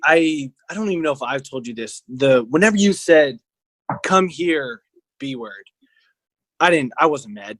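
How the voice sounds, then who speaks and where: A man's voice: medium pitch, a bit bright, no echo. Joking man with a dry close sound. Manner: joking, teasing interjections. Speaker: podcast co-host. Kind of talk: casual chat.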